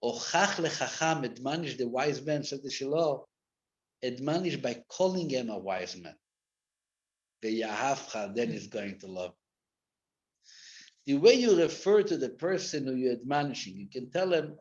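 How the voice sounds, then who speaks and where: A man teaching a live Torah class as a rabbi, mixing Hebrew and Yiddish terms into English and swinging from loud acted rebukes to quiet asides. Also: mid-range voice, lively intonation, normal speed. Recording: dull lo-fi classroom recording.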